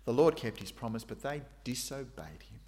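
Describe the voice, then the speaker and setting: A man's voice: mid-range voice, big pitch swings, moderate pace, darkish tone. A middle-aged man preaching a sermon, dramatizing God's questions with sudden raised, emphatic lines.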